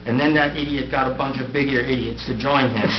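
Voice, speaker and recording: Fairly quick and steady in tone, this man's mid-range voice carries a prepared farewell speech from a council dais. He's a middle-aged mayor leaving office, and his humor is wry and self-deprecating. It's a noisy room recording with echo and a muffled quality.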